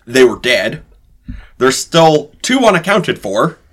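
A man's voice: medium pitch, very animated, takes it slowly. A man recapping the last session as game master, in a loose, hesitant way with fillers.

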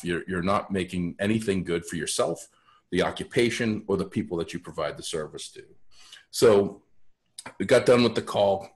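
A man guesting on a podcast, telling stories in a blunt, frank way and often restarting his sentences. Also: deep voice. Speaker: podcast guest, sales author. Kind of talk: casual storytelling.

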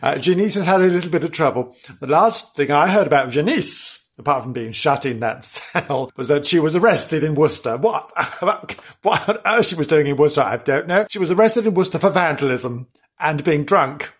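A man hosting a comedy podcast, telling a mock-spooky tale in a drawn-out, theatrical way with laughing asides. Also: a little high, lively intonation, breathy edge. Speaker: podcast host. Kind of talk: mock-spooky comic storytelling.

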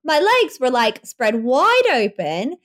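A young woman, a podcast guest, telling her birth story in an animated way, laughing often. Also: high-pitched, slow pace.

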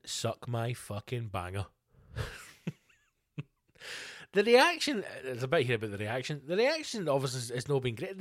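A man's voice: mid-range voice, dry recording, studio quality. A Scottish man hosting a podcast, delivering a sweary, mock-outraged comedic rant. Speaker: podcast host. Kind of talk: ranting comedic podcast monologue.

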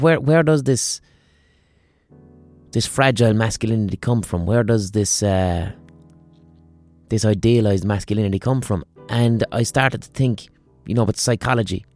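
A man, a podcast host giving an animated monologue and acting out the voices he quotes. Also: on the low side, normal speed, soft background music.

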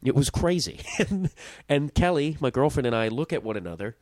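A man's voice: mid-range voice, lively intonation, a little fast, a little mellow, dry recording. A young man hosting his own podcast, telling a story in a rambling, self-interrupting way and swearing casually. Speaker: podcast host.

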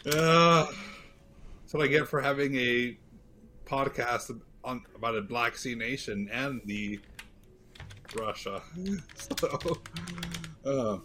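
A man's voice: mid-range voice, slow, long pauses, bright, forceful tone, slight background noise. A man who is a guest on a podcast game show, chatting loosely and laughing easily. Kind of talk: casual chat.

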